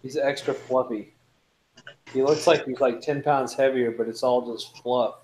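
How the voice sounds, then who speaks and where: A man hosting a casual chat stream talks in an animated, rambling way and swears offhandedly. His pitch is mid-range. A faint hiss sits under his voice. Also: a little slow, poor audio. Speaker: host.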